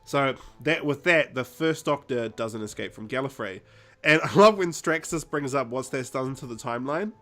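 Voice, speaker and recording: A man with a medium-pitched, sharp voice talks at normal speed in an animated way. He co-hosts a fan podcast, chatting eagerly and enthusiastically, laughing often and acting out quoted lines.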